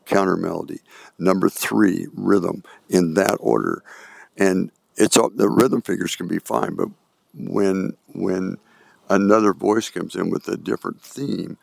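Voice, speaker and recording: Gravelly band director singing rhythms. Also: male voice, sits low, no room sound. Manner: sings rhythms with syllables between instructions. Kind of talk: rehearsal coaching with sung examples. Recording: music playing under the voice.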